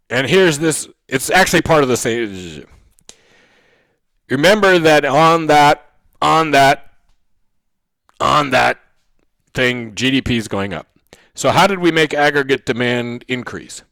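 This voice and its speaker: Recorded up close with no room sound, this lecture comes from a man who teaches economics. His voice is mid-pitched and a bit bright; he keeps checking in with "right?" and "okay?" and slowly reviews key ideas.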